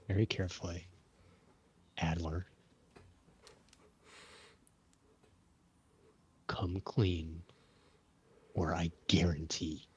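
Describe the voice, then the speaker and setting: A man playing a low, menacing paladin. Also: husky, heavily acted. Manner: slow, quiet, menacing. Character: stern female paladin threatening a captive.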